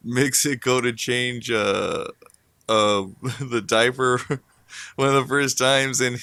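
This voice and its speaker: Bright-voiced man telling a crude story. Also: mid-range voice, dry recording. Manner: profane, chuckling storyteller. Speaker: podcast co-host. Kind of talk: casual chat.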